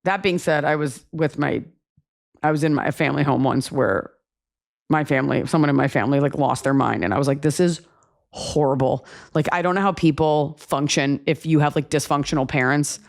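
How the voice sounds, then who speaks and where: A woman's voice: low-pitched, fairly quick, gravelly. A woman in her thirties hosting a podcast, chatting casually with jokes and acted-out voices. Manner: animated, jokey, acts out voices. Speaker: podcast host. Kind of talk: casual comedic chat.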